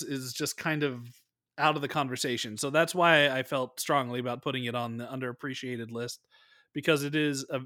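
Rambling, animated man talking films. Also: medium pitch, dry recording, clean studio sound. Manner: rambling, animated, swears freely. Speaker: podcast co-host. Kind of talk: casual film discussion.

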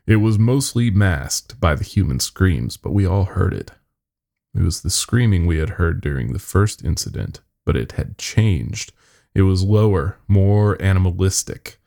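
A man's voice: deep voice, expressive, a little slow, vocal fry, warm tone. A man narrating a first-person horror story in a grim, wry manner.

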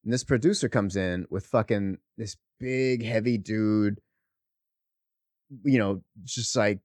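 A man's voice: on the low side, slow pace, no echo, clean studio sound. Man telling a profane story on a podcast. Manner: profane, animated storytelling with laughs. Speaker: podcast co-host. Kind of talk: casual chat, storytelling.

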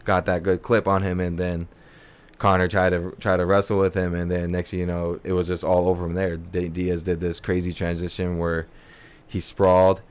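Deep-voiced man rambling through a story. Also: completely flat delivery, normal speed, smooth. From California. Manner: rambling, heavy filler words and slang. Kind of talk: casual storytelling chat.

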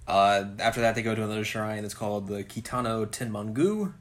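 A woman with an unusually deep, low-pitched voice co-hosts a casual podcast. She recaps an anime episode in a relaxed, chatty way and playfully acts out the characters' lines. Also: brisk. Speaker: podcast co-host.

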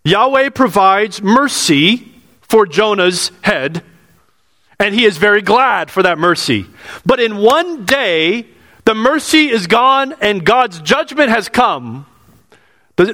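In this expository sermon, a pastor preaches in earnest, asking the congregation questions and repeating himself. His high-pitched voice is bright and forceful, with lively intonation and an unhurried delivery. The sound carries a long hall reverb.

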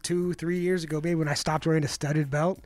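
A man's voice: a little high, flat delivery, a little fast, darkish tone, no room sound. A man in his forties telling a rambling story on a casual podcast, full of fillers and swearing. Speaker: co-host.

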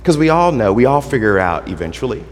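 A male pastor giving an earnest sermon. He swells to emphatic points, then drops quiet and stretches out his words. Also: mid-range voice, sing-song, fast. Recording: long hall reverb.

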